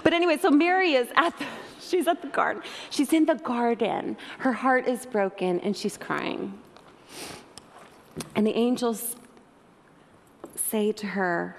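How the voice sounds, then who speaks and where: A woman's voice: on the high side, expressive, measured pace, vocal fry. A middle-aged woman preaching a sermon, telling the story with emotion and laughing often. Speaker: speaker. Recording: long hall reverb.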